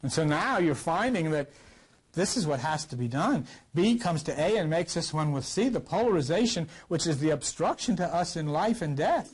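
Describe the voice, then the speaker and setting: An older man teaching a scripture class in a rambling, conversational way, his voice a little rough from a recent cough and swinging between loud and quiet. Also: animated, normal speed. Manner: rambling, conversational, with wide swings in pitch and loudness. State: recovering from a cough. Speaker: lecturer.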